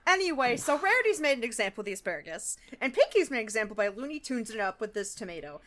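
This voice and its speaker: A woman co-hosts a podcast in a casual chat. Her voice is high and bright and swoops widely. She giggles a lot and swears freely. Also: big pitch swings, fast. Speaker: podcast co-host. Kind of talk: casual chat recapping a cartoon.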